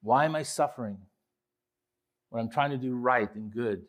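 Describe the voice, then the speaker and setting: A male pastor preaching a sermon, swinging from quiet reflection to loud, impassioned pleading. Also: moderate pace. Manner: impassioned preaching, rising loud when voicing the psalmist; drops low and quiet on reflective points.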